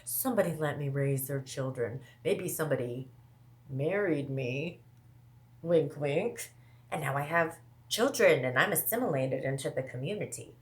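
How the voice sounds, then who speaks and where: A woman from the American Midwest talking casually to her viewers, rambling fast with lots of asides and self-interruptions. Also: deep voice, expressive. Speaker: vlogger. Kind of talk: casual monologue to camera.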